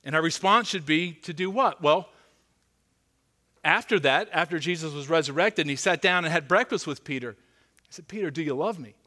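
A man preaching a sermon as pastor, earnest and pleading, dropping to a hushed voice for emphasis. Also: on the high side, fairly quick.

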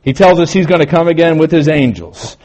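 Man preaching a sermon, by turns emphatic and hushed. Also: fairly high pitch, expressive, a little fast. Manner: preaching, shifting between emphatic and quiet. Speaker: pastor.

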